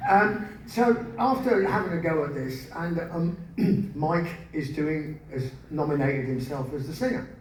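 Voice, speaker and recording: A man performs live comic storytelling in a big venue, mocking himself in spoken word pieces and bursting into song now and then. He has a fairly high voice and a measured pace. The sound is captured from a distant mic in an echoey hall with background noise.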